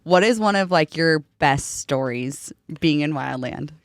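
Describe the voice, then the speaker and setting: A podcast host keeps the talk casual, asking questions in a chatty, filler-laden way. The voice sits at a middling pitch, recorded dry and close. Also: expressive, a little slow, no room sound. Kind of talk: casual interview chat.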